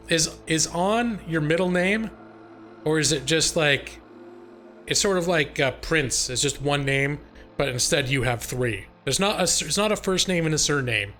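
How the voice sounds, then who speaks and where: A man's voice: on the high side, expressive, moderate pace, pushed and bright, soft background music. A middle-aged man chatting casually with his stream chat, joking and laughing often between remarks. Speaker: live-stream gaming host.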